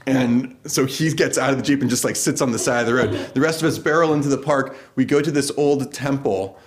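An American man at a middle pitch tells a true story aloud, loose and chatty. He keeps slipping into laughter as it gets absurd. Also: quick pace, hardly any pauses. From United States. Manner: casual, laughs through the funny parts. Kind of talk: personal story told live.

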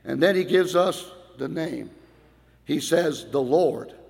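A middle-aged man, a pastor, preaching an old-time Baptist sermon in a church, going from quiet talk to loud shouted passages. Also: fairly high pitch, slow, gravelly. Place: church hall. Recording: long hall reverb.

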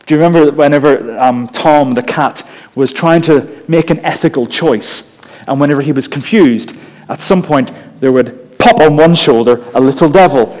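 A man with a mellowed Northern Irish accent delivers a sermon, his voice sitting a little high for a man. He talks in an easy, conversational way and drops in light humorous asides. The sound carries the long reverb of a large hall. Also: a little mellow. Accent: Northern Irish, softened. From Northern Ireland. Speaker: preacher.

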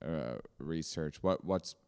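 A man in a casual podcast chat, asking curious, halting questions. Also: extremely low pitch, darkish tone, clear, resonant tone, in a large hall.

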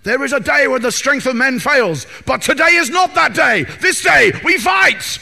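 Brief: man playing a bright, ringing warrior king, shouted rally, echoing hall. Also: extremely high pitch, expressive, normal speed, vocal fry, voice pushed up, exaggerated voice. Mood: rousing. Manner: shouted, rousing battle cry. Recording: reverberant hall.

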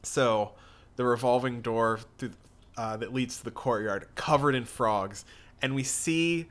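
A man's voice: medium pitch, measured pace, a bit bright. A man casually reading a comic aloud with a friend, rambling and giggling between lines. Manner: giggly, rambling, with many restarts. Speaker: co-reader.

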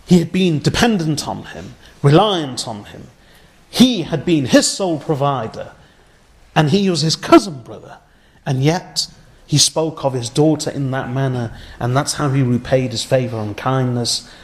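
A man preaching a sermon, telling an old story with earnest feeling and Arabic religious phrases, sinking to a hushed voice at the most moving points. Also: mid-range voice, animated, unhurried.

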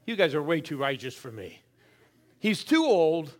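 A middle-aged man preaching a sermon, swinging from loud calls to quiet, intense asides and pushing the crowd to answer back. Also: on the high side, very animated, measured pace. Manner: urges the crowd to respond. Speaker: guest preacher.

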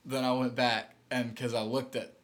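A man's voice: mid-range voice, flat delivery, moderate pace. A young man co-hosting a podcast in joking casual chat, often laughing. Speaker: podcast co-host.

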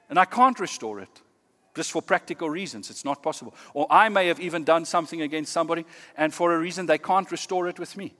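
A pastor giving a sermon in an earnest, measured way, often dropping to a quiet, emphatic tone. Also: male voice, sits high, in a large hall.

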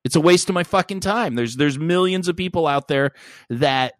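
A man trading crude, self-mocking jokes as a podcast co-host. His voice sits a bit high, and the studio around him is dry. He talks in loose, casual banter. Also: normal speed, fairly bright tone, no echo.

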